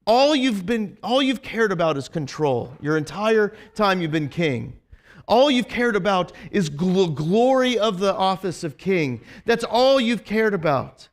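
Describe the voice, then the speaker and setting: A man's voice: sits high, sing-song, a little slow. A man voicing an old male prophet who bluntly scolds a king. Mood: scolding.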